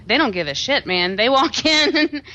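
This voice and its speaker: A woman's voice: high voice, expressive, normal speed, muffled recording, heavy background noise. A woman co-hosting a casual film review podcast, bantering and laughing easily. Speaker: podcast co-host.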